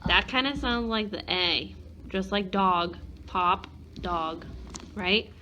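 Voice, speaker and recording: A woman's voice: mid-range voice, takes it slowly, pushed and bright, muffled recording, a little hiss or hum. A woman teacher giving a one-on-one phonics lesson, patiently sounding out letters and words.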